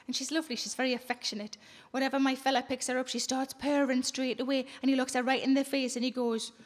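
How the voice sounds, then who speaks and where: A woman's voice: sits high, level tone, fast. A woman comedian, telling blunt, sweary stories in a live stand-up set. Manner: blunt, sweary, conversational storytelling. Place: theatre stage, live audience.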